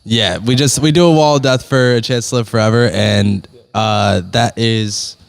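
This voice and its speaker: A man from a band, answering interview questions in a relaxed, hesitant way. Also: mid-range voice, moderate pace. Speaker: band member guest.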